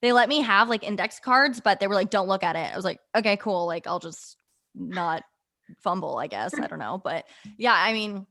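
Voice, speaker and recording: A young woman spins a story on a podcast with lively energy, acting out every quoted line and filling the gaps with casual fillers. Her delivery is loose and chatty. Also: medium pitch, normal speed. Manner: animated, acts out quoted dialogue with fillers. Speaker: podcast guest, former in-game host.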